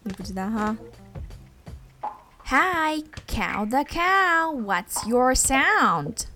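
Lively bilingual woman reading to a child. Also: sits high, music in the background. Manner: slow, drawn-out questions to coax a child; switches between English and Chinese. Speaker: host of a children's English reading program. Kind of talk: reading a picture book aloud to a child.

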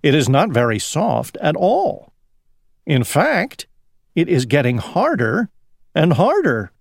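A man voicing a small male pig who loves mud, in a high, squeaky storybook voice. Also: huge pitch swings, slow, creaky, no echo, studio quality, heavily acted. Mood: uneasy.

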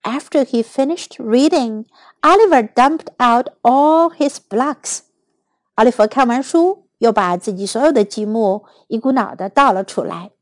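A woman reading a children's picture book aloud slowly and clearly, in two languages. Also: a little high, no echo. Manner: slow, clear, expressive reading. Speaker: storyteller. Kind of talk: bilingual storybook read-aloud for children.

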